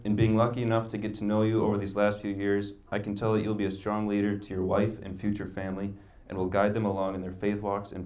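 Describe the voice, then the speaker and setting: A man, the bride's brother, giving an earnest wedding toast with teasing jokes. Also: fairly low pitch. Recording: loud crowd and noise behind.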